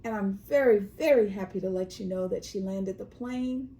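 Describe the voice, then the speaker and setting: A woman from California co-hosts a relaxed chat, her voice mellow and warm. She tells news stories at an easy pace and slips into quick voices for the people she quotes. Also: mid-range voice, rough recording. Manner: storytelling, acts out quoted voices. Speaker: co-host. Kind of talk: casual chat.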